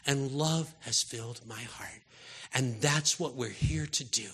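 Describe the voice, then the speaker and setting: A man preaching a sermon with passion, moving from hushed, soft lines to loud, urgent calls to his listeners. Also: medium pitch, unhurried, husky. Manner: impassioned, swings from hushed to loud exhortation.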